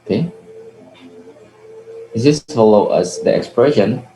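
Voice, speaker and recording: A man's voice: medium pitch, expressive, unhurried, mellow. A young man with an Indonesian accent, not a native English speaker, working through a physics problem on a video call, hesitant and often correcting himself. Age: young adult. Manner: hesitant, frequent "okay" and self-corrections. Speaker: student presenter. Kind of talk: explaining physics calculations. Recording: echoey room with faint noise.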